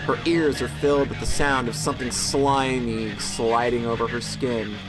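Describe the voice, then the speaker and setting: A man's voice: medium pitch, steady tone, normal speed, over music. A man reading a horror visual novel's narration aloud with casual, joking asides and frequent self-corrections. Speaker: let's-play host reading a visual novel.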